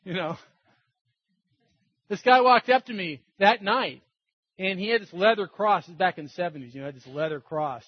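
Older guy telling his faith story, husky and kinda high, dull dry lo-fi sound. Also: normal speed, pauses often, no room sound. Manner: animated storyteller acting out quoted voices. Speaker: testimony speaker. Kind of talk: personal testimony storytelling.

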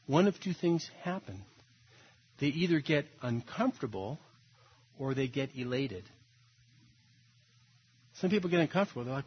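A man preaching a sermon in a husky, fairly high voice. He acts out what others say and climbs to emphatic peaks. The recording sounds dull and lo-fi. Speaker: pastor.

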